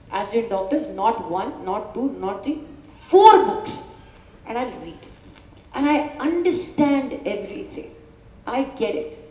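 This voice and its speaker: A woman's voice: a little high, dark tone. A woman, interviewing an author on stage at a book launch, effusive in her questions. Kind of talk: on-stage conversation. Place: event hall before an audience. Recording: echoey hall with light ambience.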